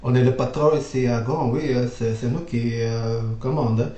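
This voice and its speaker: A man's voice: mid-range voice, steady tone, normal speed, mellow, muffled recording, lightly acted. A man playing a proud French official who grumbles and hesitates, with a Flemish accent. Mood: haughty. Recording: roomy echo.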